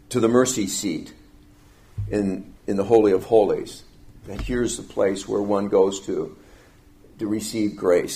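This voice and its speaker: A male preacher walks through scripture in an expository teaching style. His delivery is emphatic, climbing on key phrases and then dropping back. He slows down deliberately to press each point home. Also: lowish voice, gravelly, a little mellow. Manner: emphatic, rising and falling delivery with deliberate slowing on key words.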